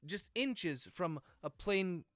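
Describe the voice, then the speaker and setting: A man, an author, dictating his thriller aloud at a steady, methodical pace, speaking the punctuation marks. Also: high voice, takes it slowly, no echo, studio quality. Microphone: close livestream microphone.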